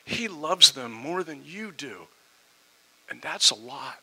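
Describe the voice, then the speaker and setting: A middle-aged man preaching a sermon as a pastor, impassioned, moving between loud emphasis and hushed tones. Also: fairly high pitch, expressive, takes it slowly, breathy edge, rough recording.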